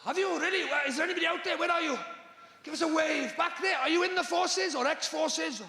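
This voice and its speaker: A man doing a live stand-up routine on a large theatre stage, exasperated and bursting into shouts. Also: very high voice, brisk, echoey room, long reverb tail. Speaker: stand-up comedian.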